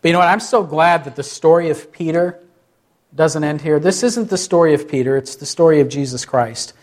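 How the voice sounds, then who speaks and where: A man's voice: a little high, brisk, darkish tone. A man, a pastor, preaching a sermon with many questions to the listeners and short acted-out quotes.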